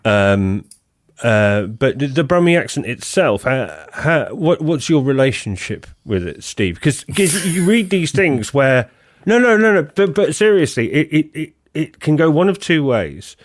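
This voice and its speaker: A man hosting a podcast in casual chat, lively and jumping up in pitch to make a point. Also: a little slow, no room sound, clean studio sound. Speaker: podcast host.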